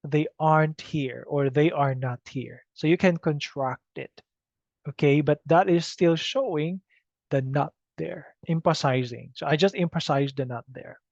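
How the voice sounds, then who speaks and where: A man explains English grammar in a slow, patient lecture, often stopping to ask "okay?". His voice sits a little high and gravelly. The recording is dry and muffled. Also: darkish tone, dry recording. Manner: slow, patient, repeats "okay?" to check understanding. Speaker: English teacher.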